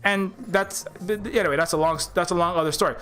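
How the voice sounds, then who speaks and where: A man's voice: sits high, fast talker, fairly bright tone, soft background music. A man delivering an impassioned political rant, heated and profane, sarcastic, with frequent restarts and repeated words. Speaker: game developer talking on his channel.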